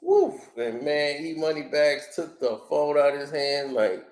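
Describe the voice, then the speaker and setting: A man's voice: on the high side, very animated, moderate pace, few pauses, reverberant. A man giving casual commentary on an interview, telling stories animatedly, acting out quotes and laughing often.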